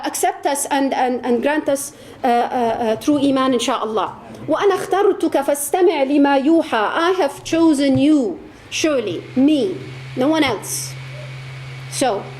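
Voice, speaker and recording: A woman's voice: high-pitched, a little mellow. A woman giving an impassioned religious talk to an audience, repeating words for emphasis. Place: lecture hall.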